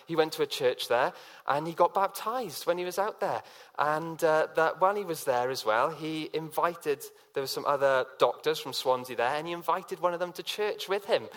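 A man's voice: fairly high pitch, a bit bright. A man preaching a sermon in a conversational way, telling personal stories and acting out quotes with many fillers.

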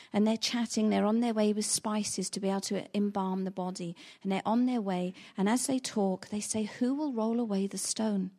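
A woman's voice: medium pitch, warm tone. A woman preaching a sermon, retelling a Bible story in a storytelling way and acting out the quoted lines with rising intensity.

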